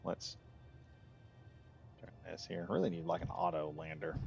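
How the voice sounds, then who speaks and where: Male game streamer, deep and gravelly, loose chatty commentary, slightly muffled home mic. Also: expressive, normal speed, a little mellow, faint music behind. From United States. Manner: rambling, chatty, laughs easily. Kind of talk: casual gameplay commentary.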